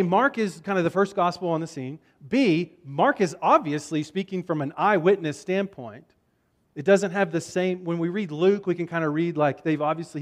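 A man preaching a conversational sermon, casual in tone, often repeating words as he explains. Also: a little high. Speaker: pastor.

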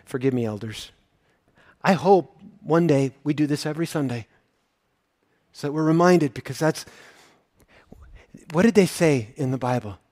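A high-voiced man preaching as pastor, earnest and openly emotional. He drops to a hushed tone, then rises to excited exclaiming, and repeats words when he is moved. His voice is close and dry, with no room sound. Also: moderate pace, pauses often, no room sound. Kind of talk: sermon.

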